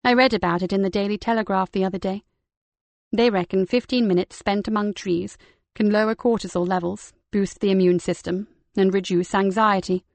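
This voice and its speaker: A woman voicing a brisk older woman, retired from the military, chatty and gently teasing. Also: medium pitch, fairly even intonation, gravelly, no echo, close to an everyday voice.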